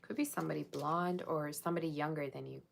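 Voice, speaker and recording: Chatty low-voiced woman reading tarot. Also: steady tone, quick pace, gravelly, slight background noise. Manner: casual, chatty, speaks straight to viewers; musing, tentative delivery. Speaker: tarot reader. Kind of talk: live-streamed tarot reading.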